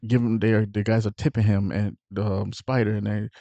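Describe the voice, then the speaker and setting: A man recaps a movie casually, rambling through fillers and restarts. His voice is mellow and relaxed, recorded dry and close. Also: fairly low pitch, brisk, creaky, no echo, highs cut off. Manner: animated retelling with acted-out quotes. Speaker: movie reviewer.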